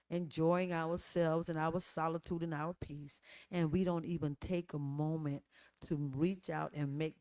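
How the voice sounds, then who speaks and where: A woman's voice: low voice, a little mellow, no echo. A woman hosting a podcast interview, speaking emphatically in a preachy, declaring cadence. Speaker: podcast host.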